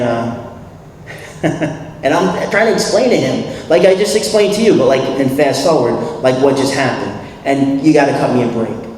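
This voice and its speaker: A man with a New York accent telling his recovery story at a convention, animated, acting out dialogue and laughing often. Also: mid-range voice. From New York City. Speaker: recovery meeting speaker. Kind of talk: personal recovery story talk. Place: convention hall. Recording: echoey hall, distant mic, faint hiss.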